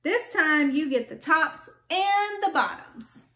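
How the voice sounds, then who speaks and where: Sly, smug male hare for a storybook read-aloud, a woman voices him; bright, sweet-talking, high, in a roomy space. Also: very animated, slow pace, slight background noise, full character voice. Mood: calling cheerily. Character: sly cheerful male hare, a clever farmer. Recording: echoey room.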